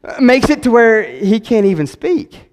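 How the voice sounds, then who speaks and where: A man, preaching a sermon in an animated way, repeating words and acting out quotes. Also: very high voice, unhurried. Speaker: pastor. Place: church sanctuary. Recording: long hall reverb.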